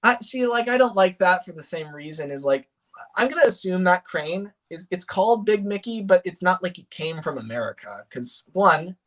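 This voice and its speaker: A man chatting casually on a livestream, rambling and animated, with many fillers and restarts. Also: high-pitched, moderate pace. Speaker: streamer.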